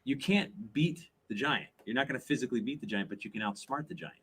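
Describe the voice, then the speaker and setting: A man's voice: medium pitch, fast, breathy edge. A man co-hosting a live podcast, explaining ideas animatedly with many "like"s and tag questions. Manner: animated explaining, repeated "like" and "right?". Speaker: podcast co-host.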